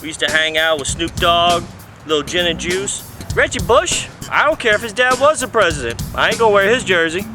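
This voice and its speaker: A man's voice: high voice, expressive, a little fast, music in the background. A man playing a boastful male business chief who blusters about football players. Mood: blustery.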